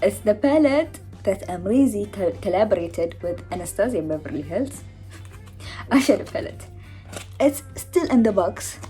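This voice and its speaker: A woman's voice: medium pitch, animated, a little slow, dark tone, soft background music. Giggly, breathless young woman vlogging. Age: 20s. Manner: chatty, giggly, self-mocking. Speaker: beauty vlogger. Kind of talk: casual makeup haul chat. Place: at home in her mother's house. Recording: home vlog with background noise.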